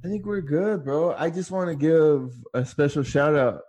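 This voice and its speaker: A Californian man co-hosts a casual podcast chat, laid-back and slangy, tossing out "bro" and "dude." His voice is a little high and darkish, at normal speed.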